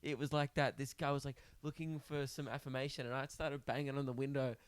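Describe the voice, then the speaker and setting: A man's voice: mid-range voice, level tone, brisk, clear, resonant tone, no room sound. A young man banters on a podcast with a dry, joking wit. His voice sits in a middle range. The recording is close and dry, made in a small hotel room. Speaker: podcast co-host. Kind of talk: casual chat.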